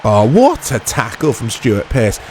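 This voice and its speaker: A man hosting a gaming channel, chatting and joking through a let's play, laughing often and bursting into excited play-by-play. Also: mid-range voice, measured pace, slight background noise.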